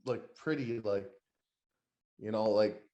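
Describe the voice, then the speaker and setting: A man's voice: lowish voice, takes it slowly, mellow, roomy sound, lo-fi sound. Rambling, crude man hosting a wrestling podcast. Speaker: podcast host. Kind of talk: casual wrestling podcast chat.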